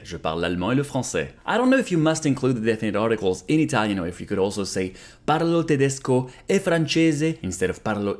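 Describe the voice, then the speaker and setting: A man narrating a casual language lesson, repeating phrases slowly after an app. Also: mid-range voice, darkish tone. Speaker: language learner vlogger. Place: Canada.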